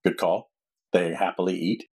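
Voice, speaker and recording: Deep husky game master voice. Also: male voice, flat delivery, moderate pace, darkish tone. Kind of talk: narrating a tabletop game.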